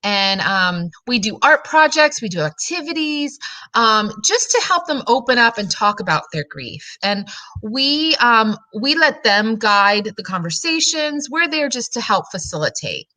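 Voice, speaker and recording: A middle-aged woman guest telling her personal story on a radio show, earnest and halting, with many fillers. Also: on the high side, big pitch swings, bright, forceful tone, no room sound, poor audio. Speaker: guest, grief support coordinator. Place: radio studio.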